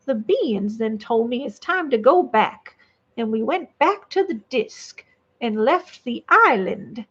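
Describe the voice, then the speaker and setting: Woman vlogger, high voice, rambly casual read-aloud with asides, dull lo-fi audio. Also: very animated, a little slow, a bit bright, slightly rough. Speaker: vlogger reading online stories. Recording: dull lo-fi recording.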